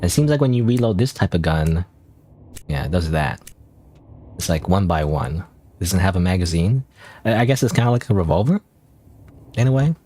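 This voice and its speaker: Male gaming streamer, deep and animated, rambling, faint background hiss. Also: normal speed, pauses often. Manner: rambling, hesitant, thinking aloud with many restarts. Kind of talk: casual gameplay commentary.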